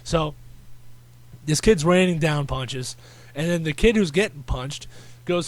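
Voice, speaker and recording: A man's voice: on the high side, expressive, a little slow, pauses often. A man hosting a podcast, telling rambling stories in casual chat with crude slang. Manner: rambling storyteller, fillers and restarts, crude slang. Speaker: podcast host.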